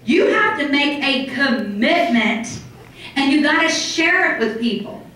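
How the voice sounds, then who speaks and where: A middle-aged woman giving an animated motivational talk to a live audience in a hotel conference room, acting out other people's reactions. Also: sits high, unhurried. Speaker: motivational speaker. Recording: very echoey hall from far off.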